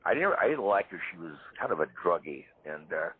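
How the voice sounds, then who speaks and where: A man's voice: low-pitched, fairly quick, husky. Older man telling stories over a phone line. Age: 70s. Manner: animated storyteller. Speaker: guest parapsychologist. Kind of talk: storytelling in a live interview. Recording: tinny phone-line audio.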